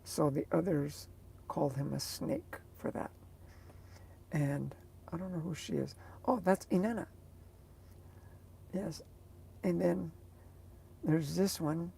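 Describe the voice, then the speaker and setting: A woman's voice: sits low, slow, gravelly, long pauses, mellow, slight background noise. A woman vlogger chatting casually to her viewers, rambling and hesitant as she searches for words.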